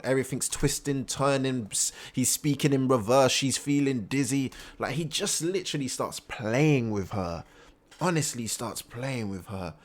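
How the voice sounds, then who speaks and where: A young man hosting an anime reaction channel, recapping an episode in casual, slangy talk full of fillers, and his voice jumps high when he gets hyped.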